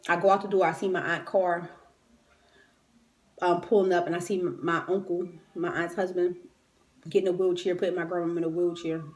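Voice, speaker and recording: A woman's voice: fairly low pitch, little pitch movement, a little fast, long pauses. A woman retelling a personal story in a raw, emotional, conversational way, grieving and near tears. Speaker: vlogger.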